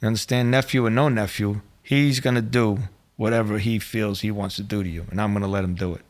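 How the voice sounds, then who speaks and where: A man's voice: lowish voice, fairly even intonation, quick pace, lightly acted. A man voicing a short-fused older mob boss who barks blunt, profane orders. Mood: threatening.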